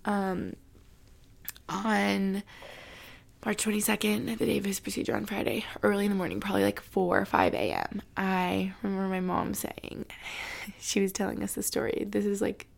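Tearful young woman with a gravelly voice. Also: medium pitch, animated, moderate pace. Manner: tearful, heavy use of "like", soft breathy asides. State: near tears. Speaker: college student vlogger. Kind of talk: emotional personal storytelling.

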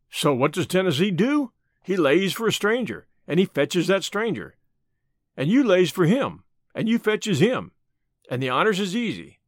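A man voicing a rough, earnest gold-miner pleading for his partner, in a slow, halting frontier dialect. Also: sits high, dry recording, studio quality.

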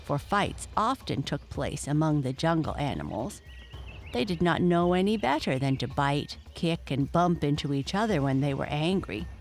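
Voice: mid-range voice, expressive. A narrator reading a children's animal story aloud, speaking straight to the young listener. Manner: measured, addresses the listener.

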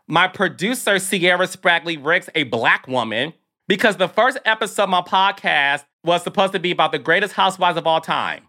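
A man's voice: high-pitched, expressive, normal speed, sharp tone. A man hosting his own podcast, talking in an emphatic, sassy commentary style and calling listeners "child". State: emotional, near tears. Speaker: podcast host. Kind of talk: casual commentary monologue.

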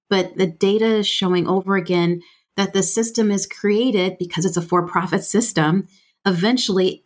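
Frank, plain-spoken woman explaining. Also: fairly low pitch. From United States. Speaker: healthcare finance expert guest. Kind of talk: conversational explaining.

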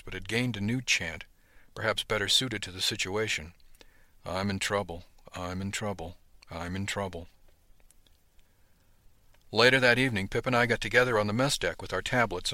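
A man giving scripted first-person narration of a novel in a steady storytelling manner. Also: fairly low pitch, no echo. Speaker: audiobook narrator.

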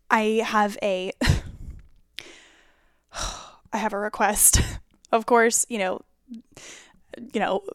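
A young adult woman hosting her own podcast, chatting casually and ranting with exasperated, animated tangents. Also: mid-range voice, no room sound, clean studio sound. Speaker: podcast host. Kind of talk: casual solo podcast chat.

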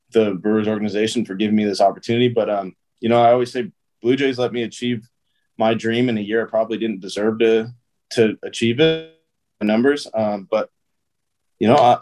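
A man's voice: lowish voice, a little mellow. A man, a pro baseball player, telling stories as a guest in a casual interview, loose and chatty with lots of "um", "like" and "dude".

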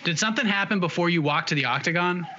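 A man interviewing a fighter after a bout, asking long, measured questions. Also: sits high. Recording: dull audio with loud background noise.

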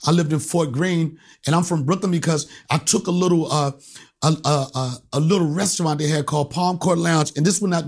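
A stand-up comedian from Alexandria, Virginia, telling profane stories as a guest and acting out the voices in them. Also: male voice, a little high, a little mellow, husky. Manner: profane, acts out voices in anecdotes. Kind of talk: animated storytelling.

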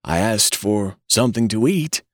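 A man's voice: lowish voice, animated, normal speed, dry recording, clean studio sound, voice pushed up, close to an everyday voice. A man doing a whiny, quavering old man. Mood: complaining. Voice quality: whining, quavering. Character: querulous old man who is a newborn, male.

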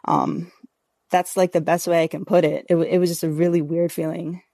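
A woman's voice: lowish voice, level tone, fairly quick, vocal fry, mellow, no room sound, clean studio sound. A woman talking earnestly as a podcast guest, rambling with many fillers. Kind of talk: casual interview talk.

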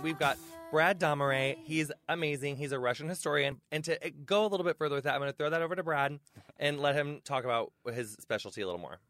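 A man hosting a podcast in a studio, chatting in an effusive, gushing way with lots of fillers. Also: on the high side. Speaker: podcast host. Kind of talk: casual chatty interview. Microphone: studio headphones and mic.

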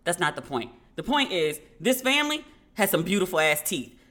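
A woman's voice: on the low side, moderate pace. A woman podcast host chatting casually and frankly, swearing now and then and acting out the dialogue in her stories. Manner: animated storyteller who acts out dialogue.

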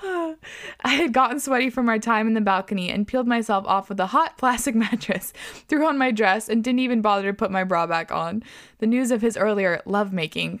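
A woman hosting a podcast, reading listener stories aloud in an expressive way, swearing and laughing often. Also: medium pitch. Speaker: podcast host.

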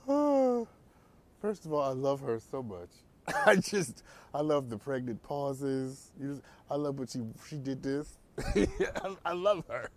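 A man's voice: medium pitch, slow, pauses often. A man hosting a talk show, riffing in a casual comedic monologue with preachy asides. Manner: animated, preachy riffs with laughs and asides.

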